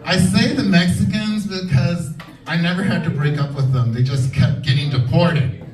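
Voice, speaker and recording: A man doing a stand-up comedy set, animated and campy, shouting his punchlines. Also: a little high, moderate pace, far from the mic, soft background music. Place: comedy club stage. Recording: echoey club heard from afar. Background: laughing crowd.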